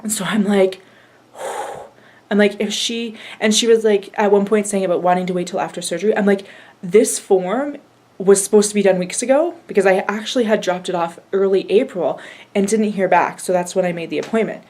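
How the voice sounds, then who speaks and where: A woman's voice: mid-range voice, steady tone, normal speed, darkish tone. A woman in her thirties giving a casual vlog update, chatty and retelling conversations in quoted back-and-forth. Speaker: vlogger.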